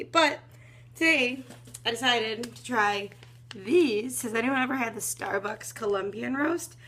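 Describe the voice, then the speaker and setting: A woman's voice: on the high side, normal speed, creaky, fairly bright tone, a little hiss or hum. A young woman in her twenties vlogging at home in the morning, chatting in a rambling way full of fillers, with a groggy morning voice. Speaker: fitness vlogger. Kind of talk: casual morning vlog chat.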